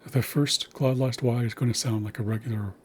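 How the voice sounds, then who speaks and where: A man's voice: medium pitch, steady tone, fairly quick, slight background noise. A man teaching a language lesson, patiently spelling out sounds and words.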